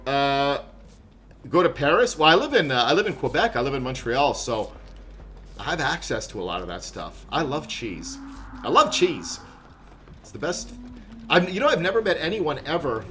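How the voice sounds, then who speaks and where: A man's voice: a little high, big pitch swings, fairly quick, a bit bright, slight background noise. A man doing live gameplay commentary, joking and chatting with viewers in rambling asides. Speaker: game streamer.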